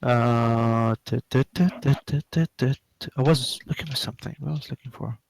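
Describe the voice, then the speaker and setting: A man developer chatting casually while coding, halting and repeating words, muttering to himself at times. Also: mid-range voice, creaky, no echo, poor audio. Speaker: game developer streaming.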